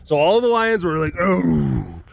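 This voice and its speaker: A man with a slightly higher voice, hosting a big cat webcast from outdoors. He talks in a loose, meandering way, trips over his own sentences and laughs as he goes. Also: animated, moderate pace, fairly bright tone, no room sound. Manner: chatty and meandering, many restarts, laughs often, now and then mimics animal sounds. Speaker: big cat sanctuary keeper and webcast host. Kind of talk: casual rambling talk to camera. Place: outdoors at a wild animal facility.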